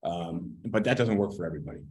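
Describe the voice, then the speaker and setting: A man's voice: low voice, animated, quick pace, a little mellow, poor audio. A man giving a casual real estate training talk, blunt and sometimes swearing as he picks apart advice. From United States.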